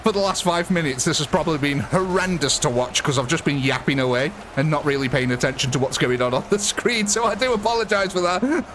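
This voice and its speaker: Male streamer, talkative and loose, voice on the higher side, light hum behind. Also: fast talker, a bit bright. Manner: chatty, rambling, laughs often. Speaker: live-stream gaming host. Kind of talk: casual live-stream chat.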